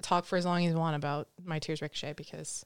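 A young woman co-hosting a podcast in casual chat, expressive and giggly, easily moved. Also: deep voice, quick pace, smooth, dry recording. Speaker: podcast co-host.

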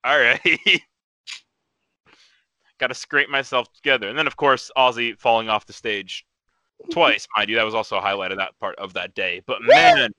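A young man with an extremely bright, forward tone hosts a casual livestream chat. He tells stories animatedly, acting out other people's lines and laughing along as he goes. The sound is very dry and close, with no room around him. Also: mid-range voice, a little fast, dry recording. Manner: animated storyteller, laughs often. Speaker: podcast host.

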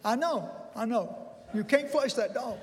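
An older man preaching a sermon, telling a folksy personal story that builds to excited bursts. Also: extremely high pitch, a little slow. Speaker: pastor. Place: church sanctuary. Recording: long reverb in a large hall.

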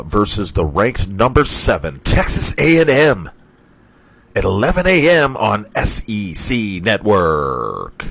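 Man, low voice, lively pitch, slow pace, dry close sound, profane ranting podcast host. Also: no room sound. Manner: profane, ranting, laughs at himself. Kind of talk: casual sports talk.

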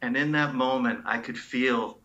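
A man who is an oncologist, speaking as a guest in a conversational interview, telling stories in an animated, expressive way. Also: medium pitch, a little slow, highs cut off. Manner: animated, expressive storyteller who acts out sounds and quotes.

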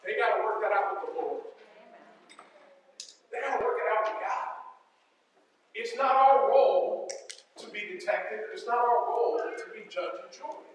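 A man's voice: high-pitched, normal speed, pauses often, slight background noise. A male pastor preaching in a conversational, emphatic way, reading scripture and talking to his church. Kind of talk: sermon. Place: church sanctuary. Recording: echoey hall, distant mic.

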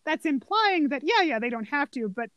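A woman's voice: high voice, big pitch swings, normal speed, a bit bright, no echo, lo-fi sound. A woman co-hosting a casual film chat, animatedly retelling favorite scenes. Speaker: podcast co-host.

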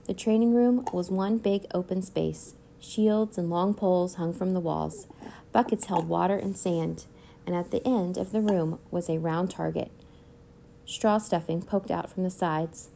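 A woman reading a children's chapter book aloud in clear, even storytelling. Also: on the low side, a little hiss or hum. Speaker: read-aloud narrator.

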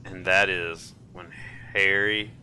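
A man in his twenties co-hosting a casual movie-review podcast, telling stories in an animated way and laughing often. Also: low-pitched, takes it slowly, slight background noise. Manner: animated storyteller who acts out quotes and laughs often. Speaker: podcast co-host.

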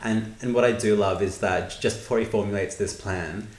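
A man's voice: fairly low pitch, moderate pace. A man co-hosting a podcast, chatting casually about an episode with dry, laid-back quips. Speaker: podcast co-host. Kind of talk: casual chat recapping an episode. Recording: echoey room with faint background noise.

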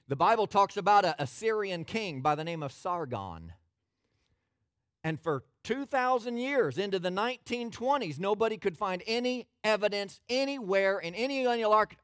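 A man preaching a sermon as pastor, folksy and animated, asking his listeners questions. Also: high voice, no echo, clean studio sound.

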